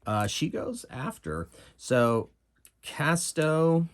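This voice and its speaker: A man runs a solo tabletop game, narrating the dice rolls and the story casually while he thinks aloud. His voice is low and husky, with an easy, unhurried delivery. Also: expressive. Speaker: game master playing solo.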